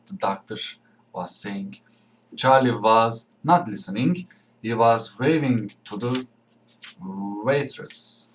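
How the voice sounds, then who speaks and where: A man reading a graded story aloud in a careful, deliberate way. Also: mid-range voice, poor audio. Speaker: narrator.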